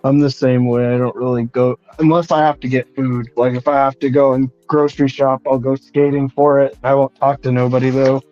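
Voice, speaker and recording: Mellow laid-back man. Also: medium pitch, flat delivery, brisk, few pauses. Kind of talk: casual chat. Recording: dull, dry recording with faint music.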